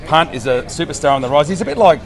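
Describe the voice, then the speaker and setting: A relaxed man chats on a city street, rambling with fillers as he gives his take. His voice sits slightly high, with the open air of an outdoor street around him. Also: fast. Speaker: passer-by interviewee. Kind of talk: casual chat.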